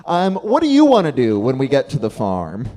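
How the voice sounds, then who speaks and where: A man's voice: medium pitch, wildly swooping pitch, normal speed, mellow. A man hosting a comedy show in a loose, casual way, full of fillers, who hypes up the crowd for his guests.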